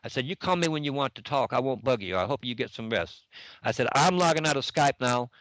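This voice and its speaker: A man's voice: medium pitch, lively intonation, a little fast, a bit bright, no echo, rough recording. Middle-aged man retelling a chat, dry. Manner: repetitive, reads back messages with constant "I said". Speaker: online game player recounting a dispute. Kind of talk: casual spoken retelling of a chat.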